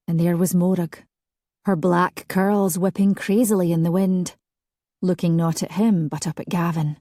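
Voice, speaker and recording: Woman narrating with a low, dry voice. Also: steady tone, warm tone, no echo. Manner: measured, dramatic storytelling. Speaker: audiobook narrator. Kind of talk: scripted narration.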